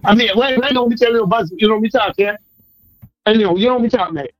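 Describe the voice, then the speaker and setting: A radio caller, a man from Montserrat with a strong Montserratian Caribbean accent. He talks in a rambling, fervent, repetitive way over a phone line. His voice sits high and the sound is dry. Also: fast, no echo. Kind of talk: emotional call-in to radio.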